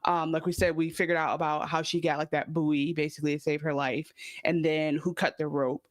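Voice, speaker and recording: A woman co-hosting a podcast, chatting about a TV episode in a rambling, animated, incredulous way. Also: low-pitched, fairly quick, dry recording, clean studio sound. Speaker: podcast co-host. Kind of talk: casual TV recap chat.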